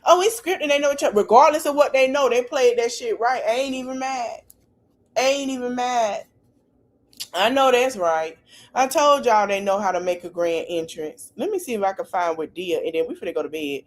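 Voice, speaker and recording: A woman's voice: mid-range voice, a little fast, rough recording. A woman podcast host giving a casual recap, retelling scenes in a he-said-she-said way with slangy asides to her listeners. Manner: animated storytelling, retelling scenes in he-say-she-say fashion.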